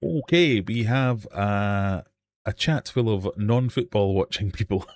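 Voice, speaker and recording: A man's voice: lowish voice, takes it slowly, a little mellow, no echo. A man with a British accent hosting a live-stream quiz from his fish room, reading questions and joking with the chat. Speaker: quiz host.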